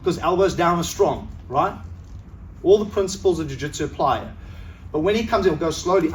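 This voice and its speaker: A man's voice: sits high, slight background noise. A middle-aged man coaching a self-defense seminar, talking conversationally and checking in with the class again and again. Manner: conversational, checks in with "right?" constantly. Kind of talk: seminar teaching. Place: training hall at a seminar. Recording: echoey hall, mic from far off.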